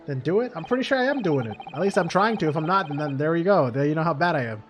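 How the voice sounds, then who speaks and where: Male streamer, casual and self-mocking, slightly high voice, faint background music. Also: lively intonation, very fast. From Canada. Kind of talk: gameplay commentary.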